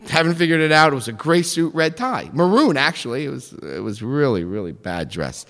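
A man telling a personal story in an animated way, acting out the voices of others. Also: on the high side, fairly quick, big-room sound.

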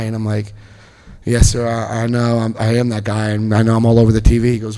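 Middle-aged man, storyteller at a talk; animated, acts out quotes, spikes into loud excitement. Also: on the low side, a little fast. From New Jersey, US. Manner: animated storyteller acting out other people's lines, bursts of loud excitement. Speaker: speaker telling his recovery story. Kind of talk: personal storytelling speech.

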